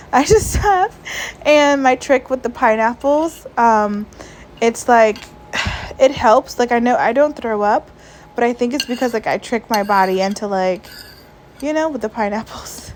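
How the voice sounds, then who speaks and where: A woman's voice: fairly high pitch, unhurried, a little hiss or hum, rough recording. Sighing, emotional woman with a raised voice. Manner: soft, sighing, frequent "like" fillers. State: emotional, stressed. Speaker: vlogger. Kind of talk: casual vlog voiceover. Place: at home, lying down. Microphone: voiceover mic.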